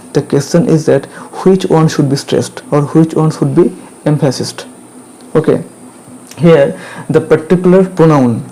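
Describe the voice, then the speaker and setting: A man teaching grammar, repeating each point and checking in with questions like "clear?". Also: on the high side, mellow, poor audio. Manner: repetitive, drills points again and again with checking questions. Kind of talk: classroom grammar lesson.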